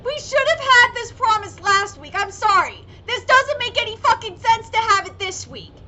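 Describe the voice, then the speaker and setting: A young woman giving excited live reaction commentary on an anime episode, gushing and swearing freely with squealing outbursts. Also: extremely high pitch, normal speed, lo-fi sound, slight background noise.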